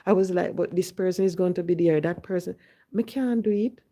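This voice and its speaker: A woman from Jamaica with a Jamaican accent tells a personal story, slipping into Patois when she quotes herself. Her voice is fairly low-pitched, brisk and dark in tone.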